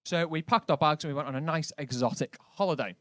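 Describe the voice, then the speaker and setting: A man's voice: on the high side, fast, fairly bright tone, dry recording. A man doing a stand-up set on a comedy club stage, dry and conversational, full of casual asides. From Britain. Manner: dry, conversational, lots of likes.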